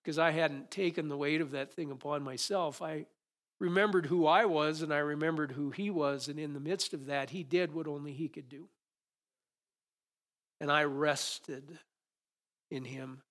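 A man preaching a sermon and leading prayer, moving between quiet prayerful lines and animated, acted-out moments. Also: fairly high pitch, normal speed.

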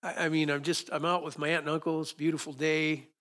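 A middle-aged man preaching a sermon as pastor, telling a personal story with sudden loud emphatic peaks. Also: on the high side, level tone, quick pace.

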